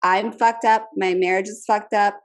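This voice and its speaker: A woman's voice: mid-range voice, steady tone, moderate pace. A woman in her thirties co-hosting a podcast, speaking frankly and emphatically, swearing casually. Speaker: podcast co-host. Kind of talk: casual chat.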